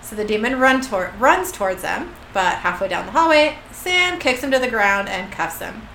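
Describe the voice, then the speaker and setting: A woman co-host giving a casual episode recap, chatty and giggly. Her voice is fairly high and very animated, with a bright, sharp tone. It rings in an echoey room with faint ambience behind it. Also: normal speed, creaky, a little hiss or hum. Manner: chatty and giggly, with many fillers. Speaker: podcast co-host.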